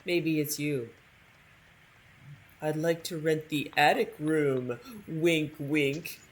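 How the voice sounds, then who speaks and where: Playful woman gamer, snarky running commentary, slightly low voice. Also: fairly even intonation, slow pace. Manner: snarky, playful, talking back to characters. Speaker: gamer streaming a playthrough. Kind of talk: casual gameplay commentary.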